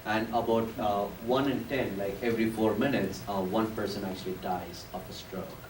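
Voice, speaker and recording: Low-voiced man explaining, in an echoey room. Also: fairly even intonation, moderate pace. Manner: patient, explanatory, many fillers. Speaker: stroke doctor answering questions. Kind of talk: explanatory talk at a public event. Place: large room with an audience. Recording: echoey room, mic far off, faint noise.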